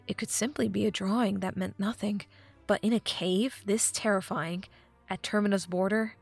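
A woman reading a fan fiction audiobook, with expressive narration that drops to a hush at dramatic moments. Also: mid-range voice, moderate pace, creaky, slightly rough, soft background music.

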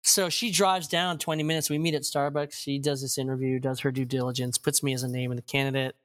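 This fast-talking man, a pastor in his forties with a mid-range voice, is a guest in a casual interview. He recounts his story animatedly, imitating the people involved and laughing a lot.

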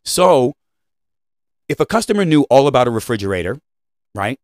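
A man's voice: sing-song, moderate pace, dry recording, studio quality. A man who trains retail staff in leadership, giving an opinionated podcast talk and checking in with "right?" and "okay?" as he goes. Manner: emphatic, with frequent "right?" and "okay?" check-ins; swings between loud high stresses and low quiet asides.

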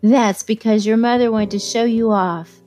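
A woman reading aloud and voicing a doting young society wife in a crooning, drawn-out way. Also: fairly high pitch, steady tone, mellow, soft background music, voice pushed up, close to an everyday voice. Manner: crooning, breathy-sweet, drawn-out.

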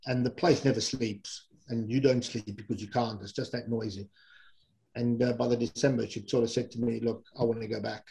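A middle-aged man from England, a former rugby player, telling relaxed, rambling anecdotes as an interview guest. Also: medium pitch, normal speed, vocal fry, rough recording. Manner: relaxed, rambling, with fillers and self-corrections. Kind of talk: casual anecdotal storytelling.

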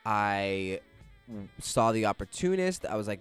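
A young man casually telling a personal story out loud, animated, swearing freely and laughing as he goes. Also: fairly low pitch, unhurried, clean tone, faint music behind.

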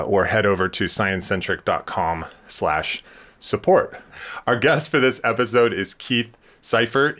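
A man's voice: lowish voice, pushed and bright. A man hosting a science podcast interview, talking casually with frequent ums and restarts. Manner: hesitant, many ums and restarts. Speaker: podcast host.

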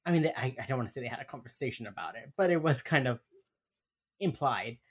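A woman co-hosting a casual podcast chat, recounting TV scenes in a relaxed way with many fillers. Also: rumbling low, quick pace, breathy edge. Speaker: podcast co-host. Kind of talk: casual chat recapping a TV show.

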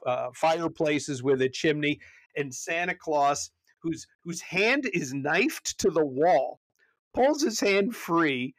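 A pastor chatting casually on a podcast about a movie, animated, often restarting and repeating words as he goes. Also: no room sound. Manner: animated, jumps high when retelling scenes.

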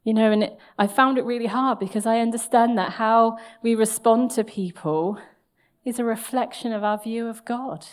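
A woman's voice: on the high side, moderate pace. A woman preaching a sermon, telling a personal story in a candid, self-mocking way and laughing at herself.

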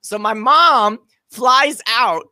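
Middle-aged woman, bright, dry close sound, animated comic storyteller. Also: fairly high pitch, very slow, no echo. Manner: animated, builds to shouting peaks at the punchlines. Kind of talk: casual comedic storytelling.

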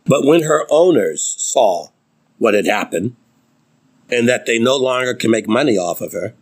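A man preaching a sermon, reading scripture with emphatic, dramatic delivery and big swings in pitch. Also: lively intonation, unhurried, husky.

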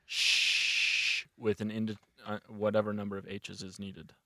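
A man solving a crossword with friends in casual chat, slowly spelling out letters. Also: fairly low pitch, level tone, a little mellow. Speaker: crossword solver.

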